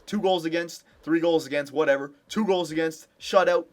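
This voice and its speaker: A young man giving casual commentary over a hockey video game, cheering his team on with excitement. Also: a little high, normal speed. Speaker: gameplay commentator.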